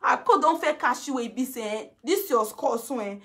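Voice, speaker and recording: A woman's voice: high voice, lively intonation, moderate pace. A Nigerian woman vlogger in a casual gossipy chat, talking freely and laughing often. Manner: chatty, laughs often, mimics others.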